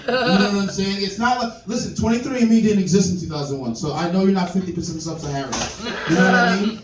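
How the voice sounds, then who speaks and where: High-voiced man doing stand-up. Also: fast, echoey room, distant mic, a crowd in the background, poor audio. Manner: animated, acts out other people's voices. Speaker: stand-up comedian. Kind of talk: stand-up comedy set. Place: comedy club with live audience.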